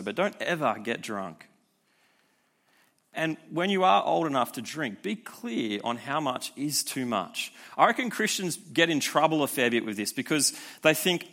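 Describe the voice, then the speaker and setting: A young man giving a youth sermon in a conversational, energetic way, with frequent rhetorical asides. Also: medium pitch, normal speed. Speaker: youth pastor.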